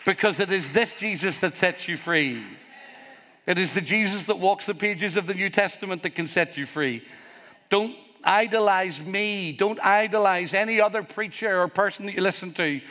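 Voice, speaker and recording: With a voice that sits high and sounds pushed and bright, a Northern Irish pastor preaches at a moderate pace. His delivery is earnest and emphatic, built on repeated phrases, to a congregation in a church hall, recorded with long hall reverb.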